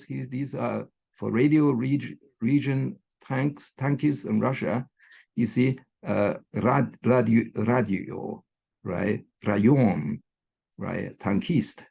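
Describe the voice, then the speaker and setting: A man's voice: medium pitch, creaky, darkish tone, husky. A man giving an online academic lecture, with many fillers, restarts and "right?" checks, recorded over a computer microphone. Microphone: computer mic on a video call.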